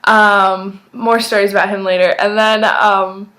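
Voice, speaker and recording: A woman of nineteen telling an excited, chatty story, full of "like" and acted-out quotes. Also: medium pitch, unhurried. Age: young adult. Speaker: vlogger. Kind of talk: casual storytelling.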